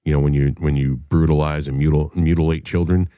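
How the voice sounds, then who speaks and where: Male podcast host, middle-aged, very low dark voice, dry close sound, swears freely while ranting. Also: fairly even intonation, brisk, clear, resonant tone, no echo. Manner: profane, heated storytelling. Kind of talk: casual monologue.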